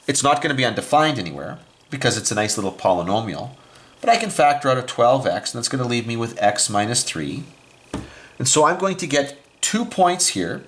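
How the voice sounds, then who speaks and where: A man's voice: mid-range voice, a bit bright. A man teaching a recorded math lesson, explaining each step as he writes and often stopping to correct himself. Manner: explains step by step while writing on a board.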